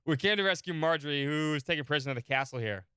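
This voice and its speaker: A man's voice: on the high side, animated, rapid-fire, bright, forceful tone, slight background noise. A man voicing a kind-hearted, trusting young male hero in a game read-along, earnest and reassuring.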